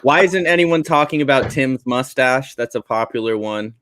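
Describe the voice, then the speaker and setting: Male comment reader, flat dry delivery, halting. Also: medium pitch, clear, resonant tone, dry recording. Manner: hesitant, dry, filler-heavy. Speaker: chat reader. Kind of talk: reading comments aloud.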